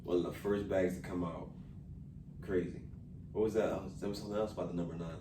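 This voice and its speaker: A man's voice: sits low, steady tone, fast talker, background noise. A young adult man co-hosting a casual travel vlog with his wife, laid-back and chiming in to finish her story, recorded in a hotel room. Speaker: vlog co-host, husband. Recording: echoey room, camera at a distance.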